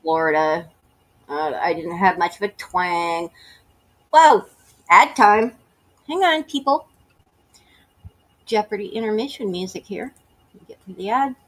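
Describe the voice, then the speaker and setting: A woman's voice: medium pitch, measured pace, pauses often. Blunt Southern-accented woman reading emails. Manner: blunt, mocking asides. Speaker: YouTuber reading letters aloud. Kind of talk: reading emails with sarcastic commentary.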